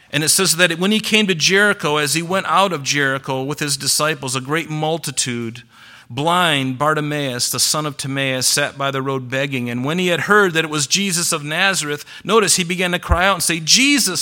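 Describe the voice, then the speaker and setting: A man's voice: a little high, pushed and bright. A male pastor preaching a Sunday sermon, asking the congregation questions and acting out the Bible stories he reads. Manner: preaching, rhetorical questions, voice rising and falling.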